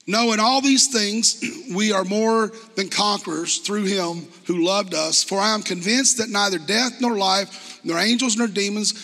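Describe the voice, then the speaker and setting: A man with a high, bright, ringing voice shares his testimony from the pulpit. He talks earnestly and conversationally, then reads scripture aloud, and his words trail into a long church reverb. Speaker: church speaker giving testimony. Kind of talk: sermon testimony. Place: church hall.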